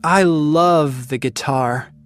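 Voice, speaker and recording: A woman's voice: sits low, slow, faint music behind. A woman voicing a shy, awkward teenage boy who stammers, in a storybook reading. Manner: hesitant, stammering.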